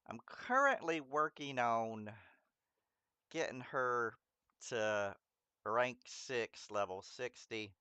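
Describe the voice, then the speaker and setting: Male game streamer, mid-pitched, laid-back and rambling, talks straight to his chat. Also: bright, forceful tone, smooth, no echo, muffled recording. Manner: rambling, stumbles over names and laughs at himself. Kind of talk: casual live-stream gameplay chat.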